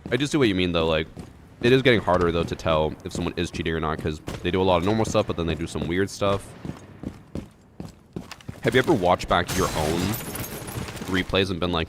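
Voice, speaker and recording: A man's voice: low voice, a little fast, long pauses, noisy background. A man streaming and reviewing a match replay, chatting casually and thinking aloud with fillers. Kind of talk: casual gaming chat.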